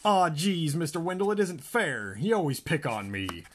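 A man voicing a mouthy, theatrical schoolboy who protests loudly in a raised, husky voice. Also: a little high, sing-song, moderate pace, voice pushed up. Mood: indignant. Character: brash mouthy boy troublemaker, theatrical.

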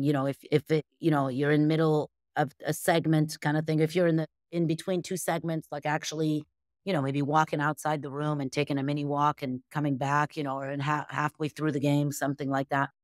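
A woman's voice: sits low, flat delivery, fairly quick, dry recording, studio quality. A woman from the United States, a guest on an interview show, answering casually and rambling with lots of fillers and restarts. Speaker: guest, bridge champion.

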